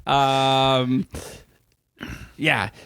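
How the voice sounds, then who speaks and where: A man's voice: medium pitch, flat delivery, extremely slow, creaky, a bit bright, clear, resonant tone, no echo, clean studio sound. Laughing, rambling male podcast host. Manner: rambling, laughs often, many fillers and restarts. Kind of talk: casual chat.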